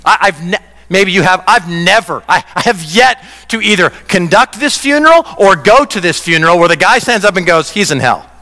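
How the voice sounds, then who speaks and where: Guy pastor preaching, kinda high voice, chatty and animated, church hall echo. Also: moderate pace. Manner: conversational preaching, animated, acts out quoted voices. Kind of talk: sermon. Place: church sanctuary.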